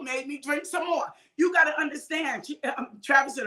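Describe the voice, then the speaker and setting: A woman minister preaching informally to online viewers, exhorting them, calling out names and often shouting. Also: high voice, moderate pace, few pauses. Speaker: minister hosting a midday livestream.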